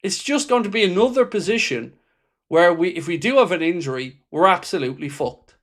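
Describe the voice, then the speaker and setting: A man hosts a football fan livestream, reading viewer comments aloud and answering them with passion, bluntness and free swearing. His voice is high-pitched, animated and a bit bright, and he talks fairly quickly.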